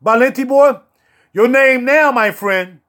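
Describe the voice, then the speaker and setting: A man's voice: very high voice, unhurried, a bit bright. A man hosting a casual livestream, joking and talking in slangy street talk with playful outbursts. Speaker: fragrance reviewer and livestream host.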